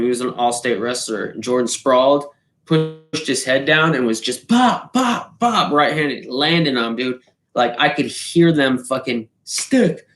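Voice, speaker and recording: A man spins a rowdy anecdote in loose, casual talk, heavy with swearing and punchy sound effects. His voice sits at an ordinary middle pitch, and the room around him rings with a noticeable echo. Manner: profane, animated, fond of sound effects. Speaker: storyteller. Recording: roomy echo.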